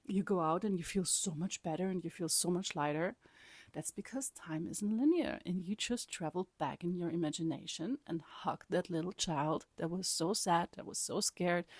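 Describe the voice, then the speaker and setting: A vlogger addresses her viewers directly, telling casual personal stories in a rambling, animated way, laughing often and occasionally dropping to a whisper. Her voice is on the low side, and the recording is dry and close.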